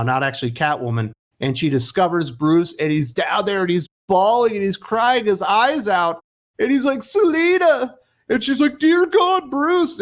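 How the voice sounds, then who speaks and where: Sarcastic ranting male comic reviewer. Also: on the high side. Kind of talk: casual commentary.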